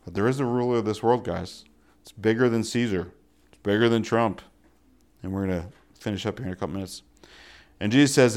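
A man preaches a casual sermon in a lowish voice at a brisk pace, packing it with rhetorical questions and offhand jokes. He swings between loud, emphatic lines and quiet asides.

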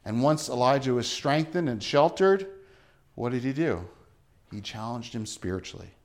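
A man's voice: expressive, normal speed. Earnest preacher man, sermon. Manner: dramatic, acts out quoted voices with rising pitch and volume; earnest, drops to a soft low voice to press a point. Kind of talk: sermon reading and explaining scripture.

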